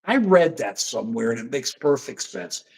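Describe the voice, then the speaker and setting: A man co-hosting a political livestream in casual chat, talking in an animated, rambling way and often handing the floor back. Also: mid-range voice, normal speed, vocal fry. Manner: animated, rambling, keeps apologizing and handing over.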